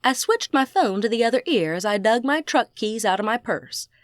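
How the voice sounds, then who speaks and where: A woman's voice: a little high, animated, moderate pace, no echo, clean studio sound. A woman narrating a first-person audiobook, full of folksy phrases. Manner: folksy Southern idioms.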